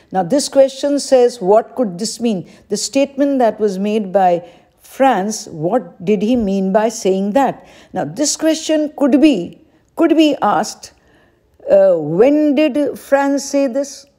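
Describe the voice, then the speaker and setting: Slow, mellow-voiced teacher woman. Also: medium pitch. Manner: patient, repeats each question aloud to explain it. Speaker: English teacher. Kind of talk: exam-prep lesson.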